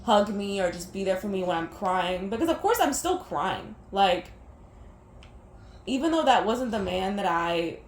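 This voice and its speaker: A woman's voice: medium pitch, animated, a little slow. A young woman talking casually over gameplay, venting candidly and rambling, swearing freely. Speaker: gaming vlogger. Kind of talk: casual gameplay chat mixed with personal venting. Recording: echoey room with faint background noise.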